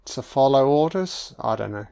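A man's voice: medium pitch, animated, normal speed, vocal fry, dark tone, smooth. Bloke swearing his way through a movie commentary, chatty. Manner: sweary, exclaiming reactions at the screen. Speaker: film commentator. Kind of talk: casual audio commentary.

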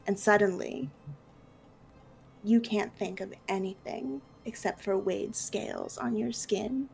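A woman narrating as game master of a tabletop role-play, relaxed with fillers. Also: mid-range voice, slow pace, creaky, slight background noise.

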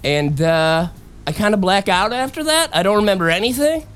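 A young man hosting a podcast, telling a story in casual chat, animated and laughing, acting out the voices of people he quotes. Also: sits high, normal speed, clear, resonant tone, faint music behind. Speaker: podcast host. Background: fan noise.

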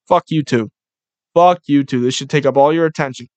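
A young man hosting a casual solo podcast, ranting in a profane, excitable, rambling way. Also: fairly high pitch, a little fast, dry recording. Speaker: podcast host.

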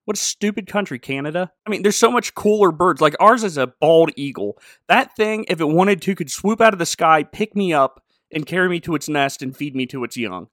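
Animated, bright-voiced male comedy host. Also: on the high side, fairly quick, few pauses, dry recording, studio quality. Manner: playful, animated storyteller. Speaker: podcast host. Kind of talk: comedic chat and joke telling.

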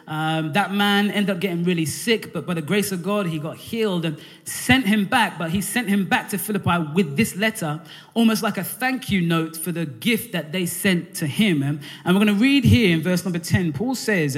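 A male preacher delivers a sermon in a church, talking in a loose, conversational way and calling out to the congregation. His voice sits high for a man, and long reverb trails each phrase through the room. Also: normal speed. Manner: energetic call-and-response preaching; conversational, with frequent fillers and restarts. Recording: hall reverb.

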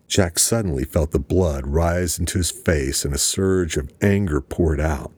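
Male narrator, low and husky, measured delivery, dry studio sound. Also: darkish tone, no echo. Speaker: audiobook narrator. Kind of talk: scripted narration.

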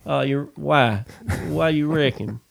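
A man, telling a rambling work story in casual chat, animated and swearing freely. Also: a little high, slow, creaky. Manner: animated, swears freely, says "dude" a lot.

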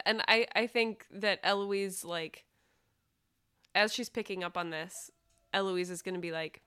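A woman's voice: mid-range voice, fairly even intonation, measured pace, bright, forceful tone, clear, resonant tone, no room sound, clean studio sound. A woman playing a tabletop role-play game, describing her character's actions casually. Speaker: player.

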